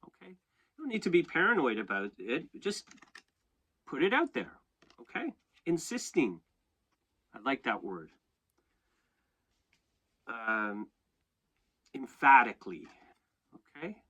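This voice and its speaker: Male tarot reader, casual chat, lively pitch, keeps asking "okay?", laughs at himself. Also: measured pace, long pauses, husky. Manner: conversational, animated, frequent "okay?" and "right?" check-ins. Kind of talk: casual spoken tarot reading.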